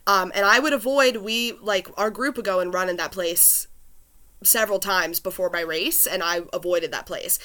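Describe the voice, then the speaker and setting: A woman with a bright, sharp-edged voice tells a personal story in relaxed conversation. She is chatty and animated and scatters "like" through her sentences. Her delivery stays loose and unscripted. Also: mid-range voice, moderate pace. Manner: chatty, lots of "like" fillers, animated retelling. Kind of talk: casual chat, telling a personal story.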